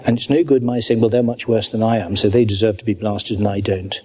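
A man preaching a sermon at a church service, earnest and reading scripture slowly and deliberately. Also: lowish voice, little pitch movement, warm tone, husky.

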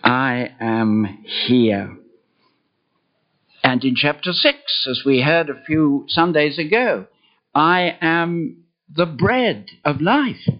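An older man preaching a sermon, slow and emphatic. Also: muffled recording. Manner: slow, emphatic, with lively swings of pitch.

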